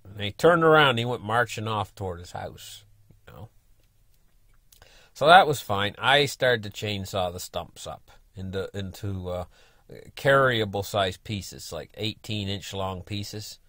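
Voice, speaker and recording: A man's voice: on the low side, a bit bright, no echo, clean studio sound. Folksy older man telling a story. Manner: folksy, rambling, full of "you know" and restarts. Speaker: storyteller, channel host. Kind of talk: casual spoken storytelling.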